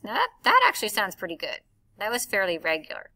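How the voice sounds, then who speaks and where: A woman's voice: medium pitch, wildly swooping pitch, fast, sharp tone. A woman teacher recording a lesson for her class, explaining step by step and reading verse aloud with heavy stress on the beats.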